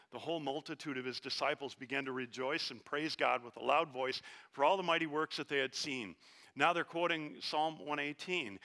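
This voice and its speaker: Bright-voiced conversational male preacher. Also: on the high side. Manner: conversational and animated, joking, then hushed and earnest. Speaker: pastor. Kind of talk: sermon.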